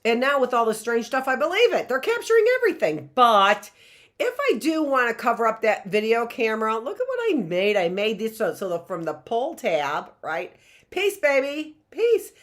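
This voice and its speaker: A middle-aged woman teaches from home in a chatty, playful way. Her voice sits fairly high and swings widely as she exclaims and coaxes. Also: a bit bright. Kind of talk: casual online lesson. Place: home classroom setup.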